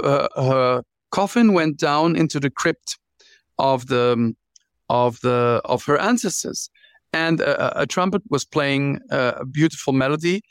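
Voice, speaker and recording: Man telling stories with animated restarts. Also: a little high, smooth, no echo. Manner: animated, with frequent restarts and repeated words. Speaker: guest author. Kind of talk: interview storytelling.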